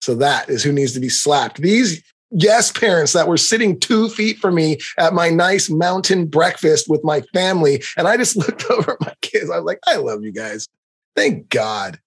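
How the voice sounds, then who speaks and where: A middle-aged man hosting a podcast, ranting in an animated, profane, heated way. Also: on the high side, moderate pace, husky. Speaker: podcast host. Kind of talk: comedic rant.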